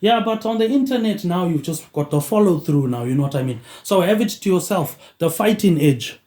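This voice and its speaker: A man's voice: high-pitched, expressive, a little fast, darkish tone, reverberant. A man hosting his own show in a rambling monologue, tagging lines with "mate, eh" in a dropping tone. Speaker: podcast host.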